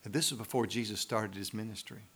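A man's voice: fairly low pitch, fast, a bit bright, slightly rough. A man preaching a sermon, speaking in a folksy, conversational way and often asking the congregation "right?". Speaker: pastor.

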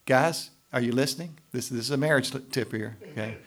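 A man preaching a sermon as pastor, lively and emphatic, often checking in with "right?" and pushing to loud emphasis. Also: mid-range voice, brisk.

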